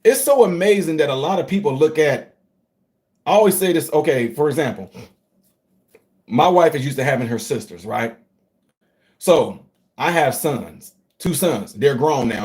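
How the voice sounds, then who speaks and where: With a voice pitched high for a man, a middle-aged livestream host addresses his viewers casually at a normal speed, often pausing. He shifts from soft, low asides to loud, excited outbursts.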